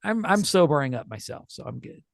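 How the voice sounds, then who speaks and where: A man co-hosting a podcast in a loose, joking chat, laughing often and sliding into silly voices. His voice sits fairly high. The sound is dry and close. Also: sing-song, brisk, creaky, no echo. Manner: jokey, laughs often, does goofy voices. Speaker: podcast co-host. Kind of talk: casual chat.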